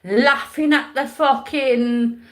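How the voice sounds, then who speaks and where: Angry high-voiced woman ranting. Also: steady tone, slow pace. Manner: swearing, threatening, repeating herself. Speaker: streamer. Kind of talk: angry live-stream rant.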